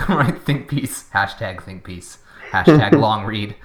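Man, Boston accent, low voice, opinionated podcast chat. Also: animated, slow pace, crowd noise. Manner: chatty and opinionated, trailing into tangents. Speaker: podcast co-host.

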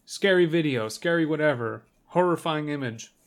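A man's voice: on the high side, animated, normal speed. A man co-hosting a casual podcast, cutting in with sarcastic, exasperated remarks. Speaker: podcast co-host. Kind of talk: casual chat.

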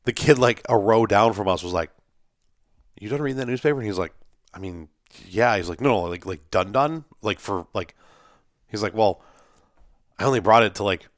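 A young man in casual podcast chat, telling an animated story, acting out quotes and swearing freely. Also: fairly low pitch, normal speed, dry recording, clean studio sound.

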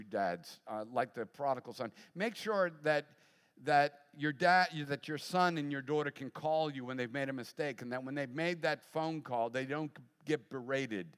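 A middle-aged man, a pastor, preaching a sermon and telling a personal story, animated and acting out voices. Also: a little high, clean tone. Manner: animated storyteller, acts out voices, laughs often. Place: large church hall. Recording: long hall reverb.

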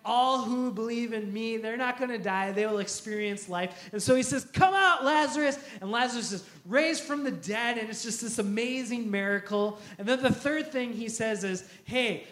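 A male pastor preaching a sermon, telling a story in an animated way and acting out quotes with laughter. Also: high-pitched, normal speed, hardly any pauses, echoey room.

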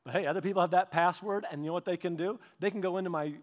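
A man preaching a sermon, telling stories with lively repetitions and restarts. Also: high-pitched, racing. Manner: animated storytelling with repetitions and restarts. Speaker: pastor. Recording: long hall reverb.

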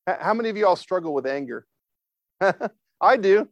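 A man with a high voice and lively intonation preaches at a moderate pace, inviting responses from the congregation in an informal way marked by fillers and restarts. The recording is dry and the highs are cut off.

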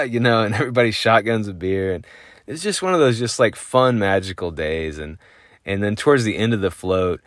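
Deep-voiced man telling a rambling story. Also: a bit bright, no room sound, studio quality. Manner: rambling, lots of fillers, chuckling. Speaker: podcast host. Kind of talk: casual storytelling.

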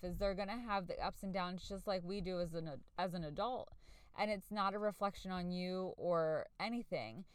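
A woman's voice: medium pitch, clear, resonant tone, no room sound. Earnest, chatty woman podcast host. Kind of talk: casual solo podcast talk.

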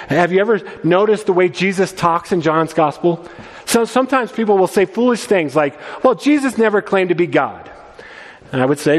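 A male pastor preaching in a loose, conversational style, stumbling over and restarting his phrases as he goes. His voice sits a little high for a man. The sound rings with the long reverb of a large hall. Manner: conversational, restarts often, quotes scripture. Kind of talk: sermon.

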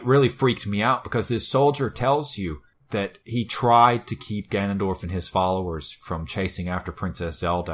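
Brief: low-pitched male host, casual and profane, wry retelling. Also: a bit bright, slight background noise. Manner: swears a lot, wry storytelling. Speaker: podcast co-host. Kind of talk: casual chat.

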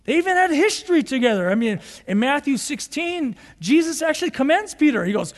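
A man with a very high voice preaches a sermon as pastor, acting out the quoted dialogue with lively energy. His voice carries a long reverb from a large hall. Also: brisk.

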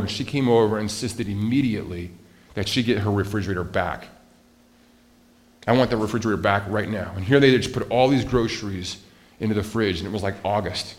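A male pastor preaching a sermon in an earnest, emphatic way, often restarting his sentences. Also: on the low side.

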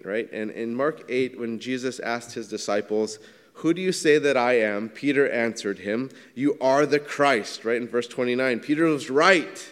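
A man's voice: medium pitch, long reverb tail. A man preaching a sermon in a conversational way, asking his listeners questions as he walks through the passage. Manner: conversational, asks the congregation questions. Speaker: pastor.

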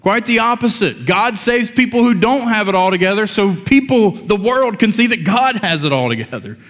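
Man, pastor, conversational sermon, joking asides, fairly high voice, long church reverb. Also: expressive, normal speed, a bit bright.

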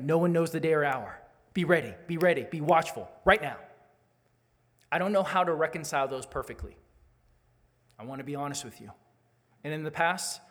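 A man preaches to his church in an earnest, candid sermon that climbs into urgent calls to the congregation. His voice sits a little high for a man. The sound carries a long, lingering reverb from the sanctuary. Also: fairly bright tone. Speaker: pastor.

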